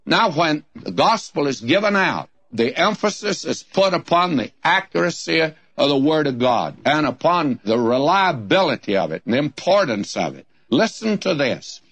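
A man's voice: fairly high pitch, very animated, moderate pace, hardly any pauses, a bit bright, no room sound. A man giving a Bible study sermon in a folksy way, calling listeners his friends and reading scripture in old-fashioned wording. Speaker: Bible teacher.

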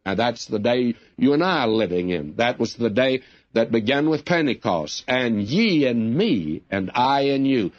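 A man's voice: mid-range voice, lively intonation, unhurried, no echo, muffled recording. An older man preaching a sermon, folksy and direct, calling his listeners friends. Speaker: radio Bible teacher.

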